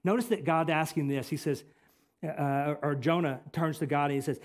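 Impassioned male preacher, somewhat high voice. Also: fairly even intonation, moderate pace. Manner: impassioned preaching, swinging from loud emphatic to quiet intimate. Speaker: pastor. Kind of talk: sermon. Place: church sanctuary.

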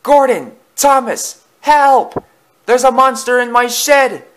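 A man's voice: very high-pitched, slow pace, a bit bright, pitched above the performer's own voice, full character voice. A man voicing a small, timid young male tank engine who frightens easily. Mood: panicked. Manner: fearful, wailing.

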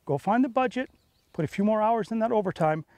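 Excitable fishing host. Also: male voice, sits high, a little fast, no echo. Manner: excitable, salesy, punchy phrases. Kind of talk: on-the-water fishing commentary. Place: outdoors on a boat on a lake.

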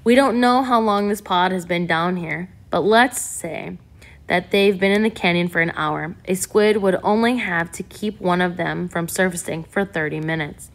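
Excitable male scientist, lecturing tone, voiced by a woman narrator. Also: lowish voice, normal speed, close to an everyday voice. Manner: explanatory, lecturing.

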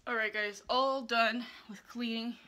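This young woman's voice is fairly high, steady, unhurried and sharp, with a little hiss or hum on the recording. She's a vlogger chatting casually with viewers as she does chores, a bit out of breath, talkative, self-deprecating and speaking straight to them. Her phone camera on a selfie stick follows her from home into a car.

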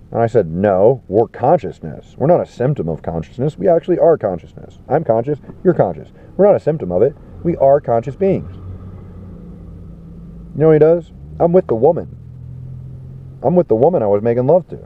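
A man telling a rambling festival story, animated and swearing, acting out the people he quotes. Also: mid-range voice. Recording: tinny phone-like sound.

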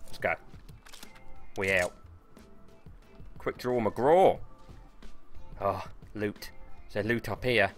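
A man giving casual, excitable and sweary commentary while livestreaming a game and talking to his chat. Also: on the low side, slow, long pauses, faint music behind. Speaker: game streamer.

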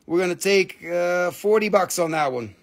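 A man's voice: high voice, lively intonation, moderate pace. A man hosting a live online sale, chatting casually in a playful, goofy, joking way. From Appalachian region of the United States. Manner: playful, goofy, jokey wordplay. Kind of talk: casual live auction chat.

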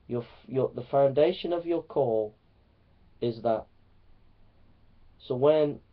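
A man preaching a sermon to fellow preachers, earnest and repetitive, swinging between loud emphasis and hushed lines. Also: mid-range voice. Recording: dull lo-fi recording.

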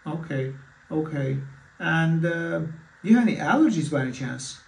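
A man with a slightly high, gravelly, somewhat mellow voice speaks at a moderate pace and with animation as a pretend doctor seeing a patient. He keeps restarting and using fillers, and the sound is distant and echoey.

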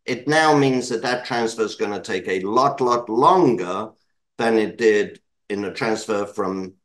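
A man's voice: medium pitch, rough recording. A British man answering interview questions in a digressive way, correcting himself and adding apologetic asides. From Britain. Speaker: interview guest, market commentator.

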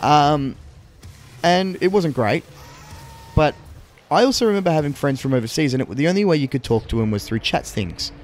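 A man's voice: a little high, animated, normal speed, pauses often, soft background music. A young man co-hosting a game video in casual, rambling chat, swearing freely. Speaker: let's play co-host.

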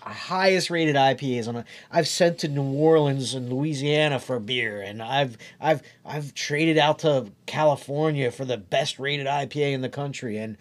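A man's voice: medium pitch, normal speed, hardly any pauses. A man co-hosting a podcast, joking playfully and talking with enthusiasm about the beers. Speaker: podcast co-host. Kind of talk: casual chat tasting beer.

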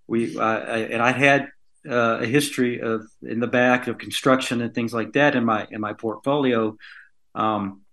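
A man's voice: medium pitch, steady tone, normal speed, a bit bright. A rambling male podcast guest telling stories. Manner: rambling, with many fillers and restarts. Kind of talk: casual storytelling in an interview.

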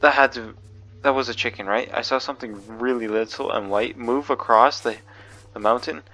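A gaming video creator gives nervous, jumpy commentary on a horror game, often repeating himself. His mid-range male voice has a sharp tone, and he speaks at a normal speed.

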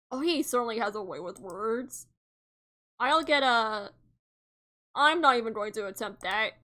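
A woman's voice: fairly high pitch, animated, a little slow, long pauses, bright, forceful tone. A young woman narrating a game playthrough with sarcastic, giggly asides. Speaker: game player reading aloud.

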